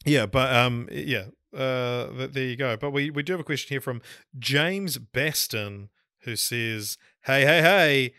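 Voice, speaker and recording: A man hosting a podcast, slightly hoarse, talking casually in a rambling, hesitant, self-deprecating way. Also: medium pitch, unhurried, pushed and bright, no echo, clean studio sound. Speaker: podcast host. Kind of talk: casual chat.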